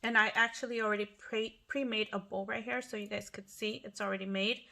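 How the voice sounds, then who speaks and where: A woman's voice: medium pitch, steady tone, a little fast, vocal fry, sharp tone. A middle-aged woman hosting a casual craft tutorial at home, chatty and apologetic, often restarting her sentences. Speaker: craft channel host.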